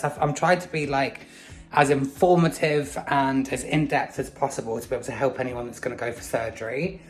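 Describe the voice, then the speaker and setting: A man talks through his day as a casual home vlogger. He is chatty and loose, drops swear words freely, and fills his pauses with "um". Faint music plays behind him. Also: on the high side. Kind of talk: casual vlog chat.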